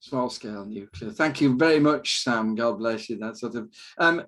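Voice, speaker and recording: A man's voice: medium pitch, normal speed, a bit bright. A man hosting a political panel, informal and joking, sometimes stumbling over his words. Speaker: host.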